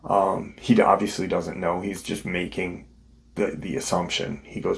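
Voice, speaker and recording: A man's voice: deep voice, flat delivery, moderate pace, creaky. A man hosting his show, casually retelling a witness's story in a conversational way. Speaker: host.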